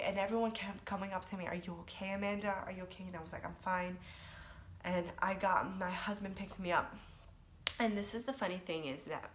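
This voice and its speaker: A young woman telling her personal religious testimony in a casual, emotional way, halting with restarts and often dropping to a breathy whisper. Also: on the low side, fairly bright tone. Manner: drops to breathy whispers at intense moments. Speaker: vlogger sharing a personal testimony.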